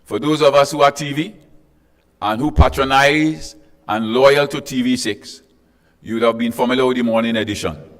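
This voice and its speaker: A man's voice: medium pitch, normal speed, long reverb tail. A man from Tobago with a Tobagonian accent, acting as emcee of a formal panel in a hotel conference room. He greets the guests in a chatty way and jokes with the crowd. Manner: chatty and joking, with asides to the audience. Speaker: event emcee. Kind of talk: ceremonial address with greetings.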